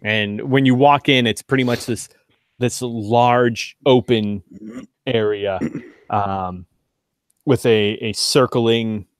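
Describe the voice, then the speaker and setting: A man narrating a tabletop role-playing game as game master, describing scenes in a loose, halting way with many fillers. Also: mid-range voice, steady tone, smooth, no echo, clean studio sound.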